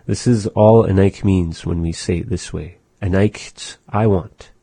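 A man with a very low, dark voice leads a language lesson from a radio studio. He speaks slowly and patiently, repeating each phrase and breaking it down. The sound is dry and close. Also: fairly even intonation, gravelly, husky, no echo.

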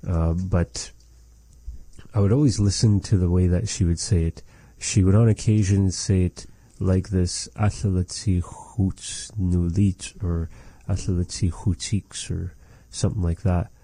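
Low dark-voiced guy teaching a language slow and patient, dry close sound. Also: fairly even intonation, no echo. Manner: slow, patient, repeats phrases for practice. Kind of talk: language lesson conversation.

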